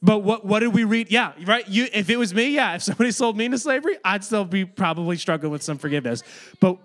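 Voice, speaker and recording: A man's voice: high voice, expressive, fast talker, a bit bright. A man giving a casual, chatty Bible lesson to a room of kids, talking to them directly. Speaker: youth or kids' ministry teacher. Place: room with children.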